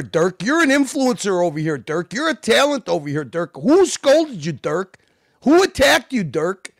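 A man hosting a casual livestream, loud, profane and repetitive as he reacts to clips. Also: sits high, creaky, no room sound, studio quality. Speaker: livestream host.

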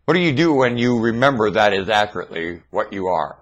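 A man talking into his webcam in a rambling monologue, theatrical and erratic, swinging from low mutters to excited shouts. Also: a little fast, lo-fi sound. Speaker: self-styled webcam broadcaster.

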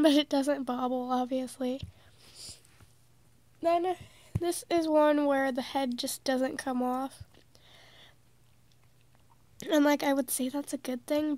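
A woman's voice: high voice, darkish tone, dry recording. A teenage girl with a congested, sick voice, casually chatting through a toy unboxing vlog. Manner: chatty, giggly, amused. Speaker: vlogger.

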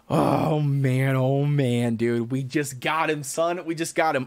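A man's voice: on the high side, moderate pace, few pauses, fairly bright tone, no echo. A man streaming a game live, cheering and hyped as he comments on his pulls and talks to chat. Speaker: gaming livestreamer.

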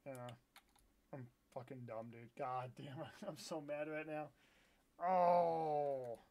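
A man's voice: mid-range voice, steady tone, a little slow. A young man streaming a live game with viewers, chatting, swearing and bursting into frustrated outbursts. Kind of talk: live gameplay stream commentary.

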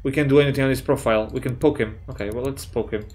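A man giving excitable, jokey let's play commentary, swearing often and reading chat messages aloud in playful voices. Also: medium pitch, very fast. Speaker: gaming YouTuber.

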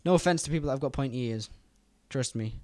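A young British man giving fast, rambling gameplay commentary and talking straight to his viewers. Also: mid-range voice, a little mellow, no echo, clean studio sound. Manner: fast, rambling, chatty, addresses viewers directly. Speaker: gaming YouTuber.

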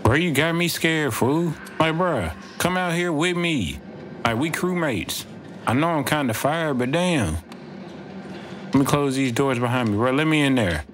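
A gaming streamer with a slightly high, bright voice and lively intonation comments unhurriedly on his own gameplay. He rambles, jokes and says "bro" constantly, with game audio underneath and slight background noise.

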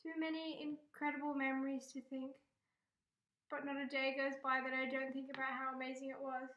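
A woman fan vlogger chatting excitedly, gushing and often laughing and squealing. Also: high voice, a little fast, dull audio. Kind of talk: excited casual fan vlog. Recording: roomy echo.

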